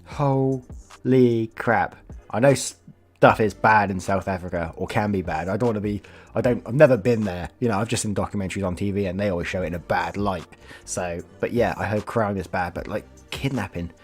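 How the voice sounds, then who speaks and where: A man reading online stories aloud and reacting with animated asides, with faint music behind. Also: low-pitched, brisk, husky. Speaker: story reader.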